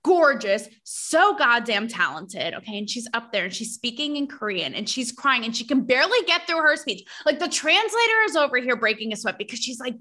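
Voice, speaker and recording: A woman hosting a podcast, talking in a casual, gossipy and animated way, full of sass and asides to her listeners. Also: fairly high pitch, brisk, hardly any pauses. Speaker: podcast host. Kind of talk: casual chat.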